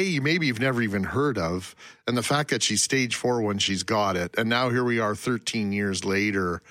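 A man hosting a broadcast interview, asking questions in a gentle, measured way. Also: medium pitch, no room sound. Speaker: news show host.

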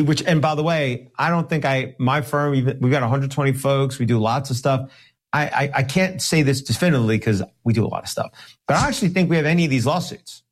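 A man, a lawyer and guest, talking emphatically in an interview, slowing down to stress his points, sometimes sarcastic. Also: mid-range voice. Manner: sarcastic at times. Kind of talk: podcast interview talk.

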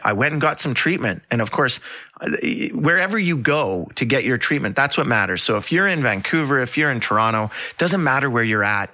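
A man hosting a health podcast, explaining an injury in casual terms and using simple everyday comparisons. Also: mid-range voice. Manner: explains with homely comparisons, animated. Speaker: podcast host and health practitioner.

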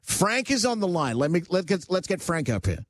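A man's voice: high voice, very animated, fairly quick. A male talk radio host chatting casually, teasing callers and ranting wryly. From Canada. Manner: wry, teasing, ranting asides.

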